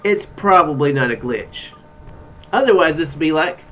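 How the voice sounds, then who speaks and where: A man's voice: a little high, expressive, moderate pace, bright, forceful tone, poor audio. A man with a Southern US accent gives rambling, chatty game commentary as he reads a story game aloud, with plenty of fillers. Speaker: gaming channel host.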